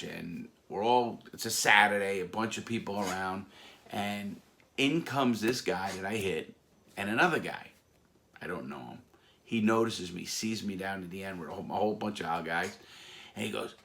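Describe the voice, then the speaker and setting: Gravelly-voiced New man telling stories. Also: on the low side, moderate pace. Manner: animated, acts out quoted voices with sudden loud outbursts. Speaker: former mob associate telling stories. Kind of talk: casual storytelling.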